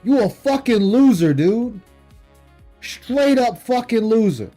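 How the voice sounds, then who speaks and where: A man with a strikingly high-pitched voice delivers a profane, scornful tirade during a late-night stream. He speaks into a desk mic at home and breaks into bursts of shouting. Faint music plays behind him. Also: expressive, slow pace.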